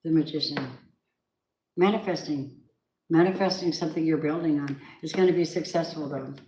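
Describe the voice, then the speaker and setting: A woman's voice: deep voice, fairly even intonation, moderate pace, dark tone. Chatty woman reading tarot, echoey room. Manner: chatty and emphatic, with spiritual asides. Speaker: tarot reader. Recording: echoey room, faint background noise.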